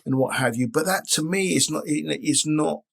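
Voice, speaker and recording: A man's voice: fairly high pitch, fairly quick, vocal fry, slightly rough. A man around sixty, a guest in a casual interview, talking in a rambling way with many restarts. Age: 60s. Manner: rambling, frequent restarts and filler phrases.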